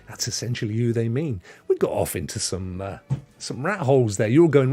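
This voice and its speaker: Male stream host, lively swooping pitch, playful and rambling. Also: fairly quick, husky, no echo. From Devon, England. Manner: rambling, playful, spins tall tales. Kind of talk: casual livestream chat with viewers.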